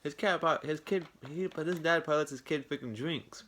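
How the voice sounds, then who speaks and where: A young man with a bright, forceful voice tells a storytime tale straight to his viewers. He rambles, swears freely and sounds indignant, circling back over the same points. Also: fairly high pitch, fairly quick. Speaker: vlogger. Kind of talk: casual storytime rant.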